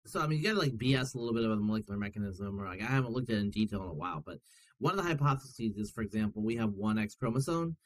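A man, a podcast guest, talking in a casual and animated way, rambling through stories with many fillers and restarts. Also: on the low side, racing, low-quality recording. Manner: animated storyteller. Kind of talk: casual chat.

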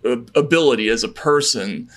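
A man's voice: mid-range voice, fairly quick, fairly bright tone. A man co-hosting a political talk podcast, speaking earnestly and worriedly, with frequent restarts and stammered repeats. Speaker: podcast co-host. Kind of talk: casual political chat.

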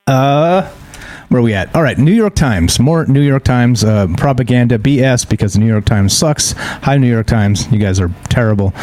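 A tired, yawning man hosts a live news stream, reading articles aloud and ranting about them with blunt, profane sarcasm in casual opinionated commentary. His voice is medium-pitched with a darkish tone, captured on a streaming microphone.

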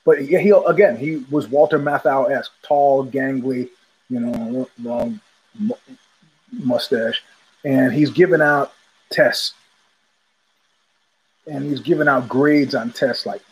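With long pauses and a slow pace, this New York podcast host rambles in a casual, digressive monologue, often restarting and veering off on tangents. His medium-pitched voice is slightly rough, as is the recording.

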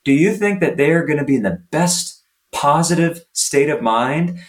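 A man's voice: a little high, normal speed. A man, a youth soccer coach, speaking as a podcast guest and acting out what coaches and players say. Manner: animated storytelling, acts out coach and player lines. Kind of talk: podcast interview.

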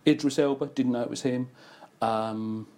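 A man who works in advertising and casts voice actors, chatting casually and telling lively anecdotes. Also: medium pitch, normal speed. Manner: anecdotal storyteller, animated delivery. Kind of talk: casual conversation.

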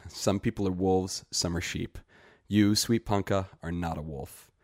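A man reading a short story aloud and voicing a wary village herb woman who scolds in hushed tones. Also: low voice, fairly even intonation, unhurried, no echo, clean studio sound. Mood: urgent, scolding.

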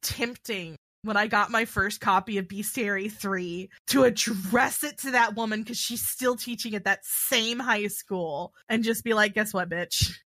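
A woman guest on a podcast in casual chat, telling stories with animated delivery and quick laughs. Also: medium pitch, no echo. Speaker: guest, tabletop game writer.

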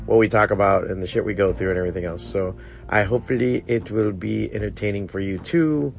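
A man's voice: lowish voice, fairly quick, creaky, faint music behind. A man who hosts the podcast and co-owns the shop, chatting in a laid-back, joking way. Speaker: podcast host, shop owner. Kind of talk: casual chat.

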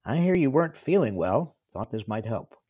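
An older man voicing a friendly, eager young Southern man who grins and chats warmly. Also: mid-range voice, very animated, moderate pace, breathy edge, pitched above the performer's own voice.

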